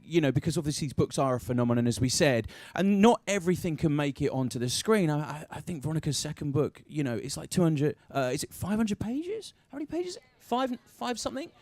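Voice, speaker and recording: Lively, teasing male interviewer. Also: a little high, fast talker, hardly any pauses, no echo. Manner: teasing, jokey questioning. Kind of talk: playful press junket interview.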